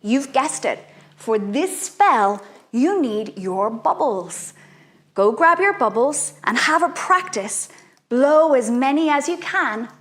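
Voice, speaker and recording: Lively sing-song woman leading kids. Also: high-pitched, slow pace. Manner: animated, sing-song, exaggerated sounds for kids. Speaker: children's workshop leader. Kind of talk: guided children's activity, playful spells.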